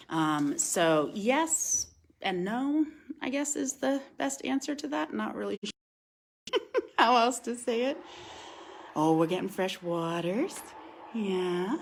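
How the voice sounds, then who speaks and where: A woman who teaches at a wildlife center, showing a bird's feeding on a live stream. She coos at the birds in a sing-song voice, explains calmly, and thanks viewers by reading out their comments. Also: mid-range voice, slight background noise. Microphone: phone camera.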